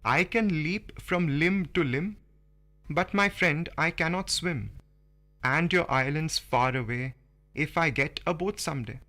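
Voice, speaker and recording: A man voicing a trusting, polite male monkey in a slow poetry reading. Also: on the high side, pushed and bright. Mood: courteous.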